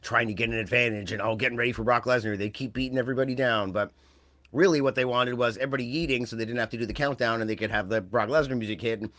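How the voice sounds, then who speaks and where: A man's voice: mid-range voice, racing, a bit bright, dry recording. A man co-hosting a wrestling podcast, talking in a rambling, casual way that trails off and restarts. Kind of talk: casual chat.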